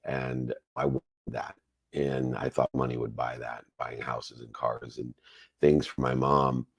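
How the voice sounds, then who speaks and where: A man in his fifties with an extremely deep, low voice talks in an effusive, motivational way. He answers a caller's question during a live Q&A, and the sound is dry and close. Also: little pitch movement, measured pace, creaky, husky, no room sound. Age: 50s. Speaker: coach and host. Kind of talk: live Q&A talk on a call.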